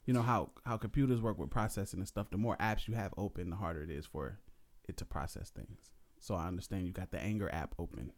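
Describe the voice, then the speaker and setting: A man's voice: low-pitched, quick pace. A young man in a casual, argumentative chat with his wife, laid-back and a bit defensive, explaining with computer comparisons. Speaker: husband in a couple's talk.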